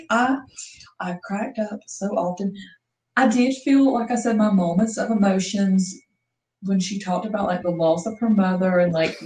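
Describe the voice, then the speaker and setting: A woman reviewing an audiobook in casual chat, chatty and full of "like", her pitch jumping up when she quotes herself. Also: darkish tone, rough recording. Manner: chatty, filler-heavy, jumps up in pitch when quoting herself. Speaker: podcast co-host.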